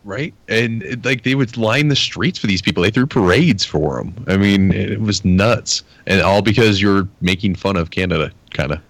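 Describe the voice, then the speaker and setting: A man co-hosting a casual podcast, with a lowish voice. He rambles hesitantly, and the recording is dry and close. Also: moderate pace, few pauses, no room sound. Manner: rambling, hesitant, lots of fillers. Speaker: podcast co-host. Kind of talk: casual chat.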